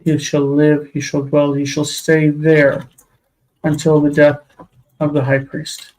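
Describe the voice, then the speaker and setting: A tired man teaching a live-streamed classical Hebrew grammar lesson, explaining patiently and slowly. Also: on the high side, monotone, darkish tone, a little hiss or hum, poor audio.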